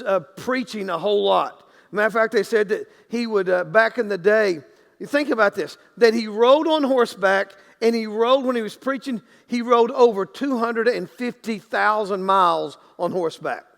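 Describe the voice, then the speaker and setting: A man's voice: high-pitched, gravelly, big-room sound. A man preaching a sermon as pastor in a church sanctuary, talking in a loose, conversational way with many restarts and acted-out quotes.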